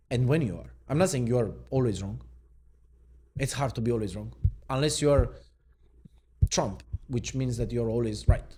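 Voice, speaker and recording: A man's voice: mid-range voice, dark tone, husky. A man from Romania, a mindset coach giving an unscripted reaction, wry and sarcastic.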